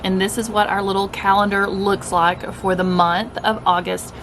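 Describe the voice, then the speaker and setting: A woman's voice: mid-range voice, little pitch movement, moderate pace, hardly any pauses, fairly bright tone, a little hiss or hum. A woman, chatting casually to camera about her day and food, upbeat and addressing viewers directly. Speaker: keto vlogger. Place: at home, partly outdoors.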